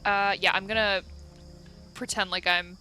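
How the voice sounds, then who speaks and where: A woman's voice: medium pitch, steady tone, measured pace, pushed and bright, faint music behind. A woman playing a tabletop role-playing game, playful and sometimes dropping into a sneaky whisper. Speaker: player.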